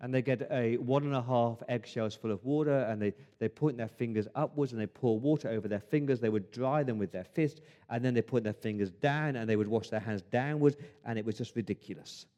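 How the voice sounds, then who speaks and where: A man preaching a sermon as pastor, conversational and emphatic, swinging between loud stresses and hushed asides. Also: medium pitch, a little fast, hardly any pauses.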